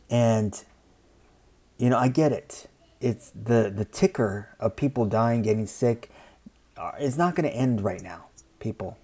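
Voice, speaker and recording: A man speaking his mind in a casual monologue, rambling, saying "you know" often and acting out other people in quick asides. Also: mid-range voice, animated, mellow, husky. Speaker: commentator.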